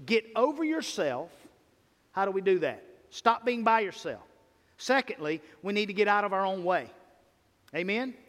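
A man's voice: high-pitched, fairly bright tone. A man preaching a sermon as pastor, emphatic, his volume rising and falling. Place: church sanctuary. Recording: long reverb of a church sanctuary.

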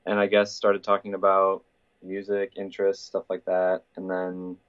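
College guy from iowa chatting on a podcast, lower voice, dull lo-fi sound. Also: monotone, normal speed. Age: 20s. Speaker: guest, college senior. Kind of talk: casual podcast interview.

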